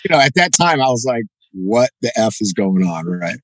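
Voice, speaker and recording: This podcast guest, a middle-aged jiu-jitsu black belt, speaks in a mid-range voice at a normal pace, recorded dry and in low quality. In a relaxed storytelling interview he animatedly performs the quoted dialogue, peppering it with "you know" and "right?".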